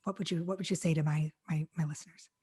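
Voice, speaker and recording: A middle-aged woman hosting a podcast, chatting casually with a guest in a gushing, effusive way, full of quick restarts. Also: deep voice, steady tone, darkish tone, husky. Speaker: podcast host. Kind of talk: casual interview chat.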